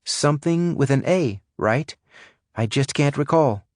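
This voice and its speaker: A man's voice: fairly high pitch, lively intonation, a little slow, no echo, studio quality, voice pushed up. A male narrator voicing a nervous young woman coworker who sounds tense and urgent. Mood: anxious.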